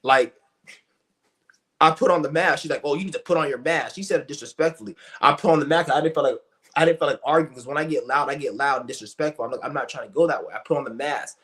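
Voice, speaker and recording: A young man streaming a loose, profane rant, his voice sitting a little high for a man. He restarts sentences constantly and piles on fillers as he circles his point. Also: quick pace, a bit bright. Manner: blunt, profane, rambling with many restarts and fillers. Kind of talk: ranting monologue.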